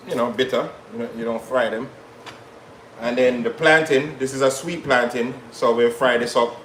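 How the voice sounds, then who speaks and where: A man's voice: medium pitch, fairly bright tone, roomy sound, a little hiss or hum, low-quality recording. A man hosting a live cooking stream from a kitchen, chatting casually with viewers as he cooks. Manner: chatty, patois-tinged asides to viewers. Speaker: cooking show host.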